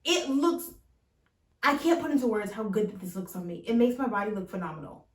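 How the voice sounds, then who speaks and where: A woman's voice: medium pitch, expressive, a little fast. A young woman chatting casually in a fashion try-on haul, bubbly and full of fillers, speaking from across the room. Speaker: fashion vlogger. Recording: roomy sound from far off.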